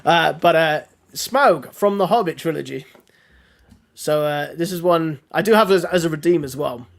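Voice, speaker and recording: A hoarse man chats casually as a podcast guest, rambling and laughing as he goes. His voice sits a little high and has a gravelly edge. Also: moderate pace. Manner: chatty, laughs often, restarts. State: hoarse from a throat infection. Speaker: guest streamer.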